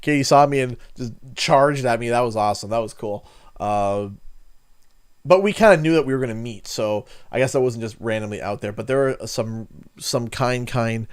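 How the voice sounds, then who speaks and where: A young man with a Canadian accent talks to his livestream audience at a middle pitch. He rambles in a friendly way, loops back on himself, and tells stories in a casual, chatty tone. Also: normal speed, clear, resonant tone. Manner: rambling, friendly storyteller who acts out quotes. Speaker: gaming streamer.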